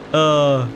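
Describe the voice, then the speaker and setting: A man from Blackpool, chatting casually and rambling while streaming a racing game and reading out chat. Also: on the high side. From Blackpool, England. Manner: chatty, rambling, reads out chat and laughs often. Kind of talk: casual livestream commentary. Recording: game engine noise behind.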